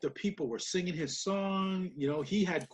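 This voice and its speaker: Rambling, animated man co-hosting a wrestling recap. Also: sits high, normal speed. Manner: rambling, animated, laughs often. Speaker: podcast co-host. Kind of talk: casual wrestling recap chat.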